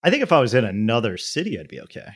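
A playful man in his thirties from the New York area banters on a podcast. His pitch swings widely, and he swears casually as he talks. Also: wildly swooping pitch, racing, slightly rough. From New York tri-state area. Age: 30s. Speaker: podcast co-host. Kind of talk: casual chat.

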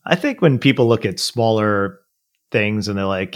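Brief: male co-host, relaxed, jokey, lively rising and falling pitch. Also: normal speed. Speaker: podcast co-host. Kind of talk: casual chat.

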